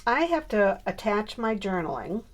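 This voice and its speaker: A woman with a mid-range, sing-song voice talks at a normal speed while scrapbooking on camera. She chats casually about her crafting and mutters to herself as she works, vlog style.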